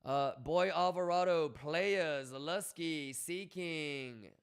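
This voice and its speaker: A man's voice: fairly high pitch, slow, clean tone. A man hosting a livestream, talking casually and bluntly to his chat, swearing often and coaching viewers. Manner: blunt, profane, coaching tone, reads chat aloud. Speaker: livestream host.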